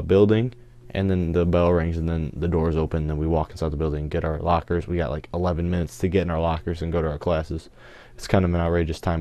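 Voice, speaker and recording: Teen male vlogger, very low voice, dry sound, slangy rambling storyteller. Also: a little mellow, no echo. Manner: rambling, many fillers and restarts, slangy. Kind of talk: casual storytelling over gameplay.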